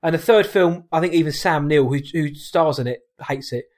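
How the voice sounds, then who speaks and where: A man's voice: a little high, normal speed. A man co-hosting a film podcast, casual chat that rambles and corrects itself, often laughing.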